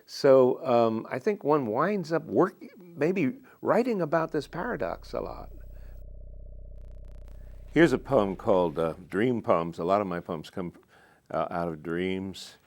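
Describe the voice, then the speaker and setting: Older man reading poems slowly. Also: medium pitch, sing-song, a little mellow. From United States. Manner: slow, measured reading with thoughtful pauses. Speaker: poet. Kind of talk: poetry reading and reflective talk. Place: TV studio.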